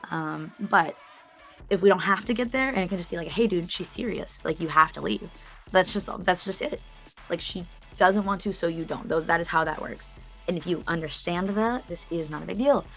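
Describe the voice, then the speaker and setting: A young woman with a somewhat low voice tells a story in a loose, chatty way, laughing easily and swearing freely. She talks as a guest in a casual interview, and faint music plays behind her. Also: a little fast, fairly bright tone.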